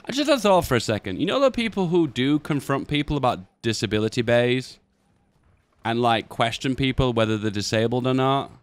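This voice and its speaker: A man's voice: mid-range voice, animated, fairly quick, smooth, dry recording. A man rambling and musing aloud in casual chat while commenting on gameplay.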